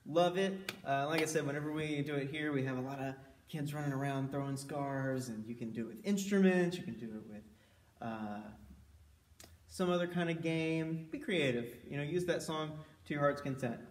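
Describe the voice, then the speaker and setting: A man leading a children's music session, playful and animated, singing and whooping with the kids. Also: on the high side, normal speed, echoey room, distant mic. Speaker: children's library music leader. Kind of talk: children's sing-along lesson. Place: library room.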